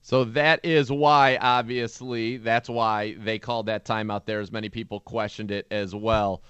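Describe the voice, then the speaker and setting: A man hosting a sports talk radio show, recapping plays and news in a brisk, informative way. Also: fairly low pitch, level tone, a bit bright, clear, resonant tone.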